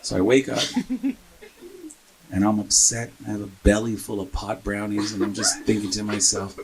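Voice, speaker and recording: A man doing a stand-up comedy set on a club stage, telling a story and building to loud shouted punchlines. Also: lowish voice, little pitch movement, moderate pace. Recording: live club set with crowd. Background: audience laughing.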